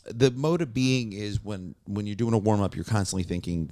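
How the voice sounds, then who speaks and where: A man with a somewhat low voice chats as a podcast guest. He is a warm-up comedian who tells lively anecdotes and slips into the voices of the people in them. The sound is dry, with no room echo. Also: normal speed, hardly any pauses. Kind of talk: casual storytelling chat.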